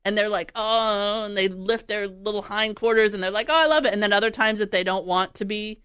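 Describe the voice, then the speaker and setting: Chatty woman host, smooth clear voice on a dry close mic. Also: mid-range voice, little pitch movement, a bit bright, no echo. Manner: chatty, laughing, quick to act out animals. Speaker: podcast host and radio producer. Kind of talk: casual chat.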